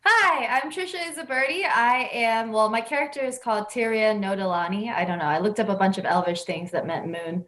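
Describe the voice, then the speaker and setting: A woman's voice: mid-range voice, a little fast, hardly any pauses, fairly bright tone. A woman in her twenties introducing herself as a player, chatting casually and joking at her own expense. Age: 20s. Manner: chatty, self-deprecating and joking. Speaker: player and cooking streamer. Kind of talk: casual chat.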